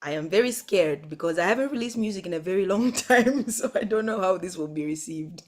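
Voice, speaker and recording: A woman's voice: medium pitch, expressive, brisk. A woman from Zambia, a guest singer chatting earnestly on a video call, with nervous giggles. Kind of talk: casual chat on a video call.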